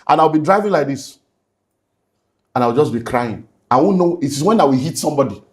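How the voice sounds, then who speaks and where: A man's voice: fairly high pitch, expressive, a little fast. Nigerian man, middle-aged, pastor guest, earnest testimony with Pidgin asides. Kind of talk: emotional personal testimony.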